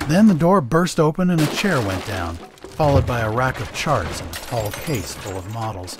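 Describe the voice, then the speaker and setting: A man's voice: medium pitch, husky. A man narrating a science fiction story with dramatic expression on his podcast. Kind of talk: story reading.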